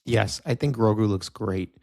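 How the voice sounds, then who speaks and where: Low-voiced man giving candid movie opinions. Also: moderate pace, vocal fry, a little mellow, no echo, studio quality. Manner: candid, offhand, swears casually. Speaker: podcast co-host. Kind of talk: casual film review chat.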